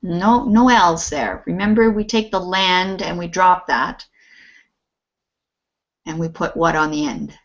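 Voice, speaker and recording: A woman's voice: lowish voice, slow pace, pauses often. A woman teaching an English class online, patient and encouraging. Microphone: video call. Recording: muffled lo-fi video call audio.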